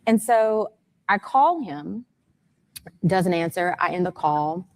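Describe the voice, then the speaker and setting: An expressive woman with a lowish voice talks slowly as an interview guest, the mother of a missing son. She lays out what happened in careful detail, growing more urgent and frantic.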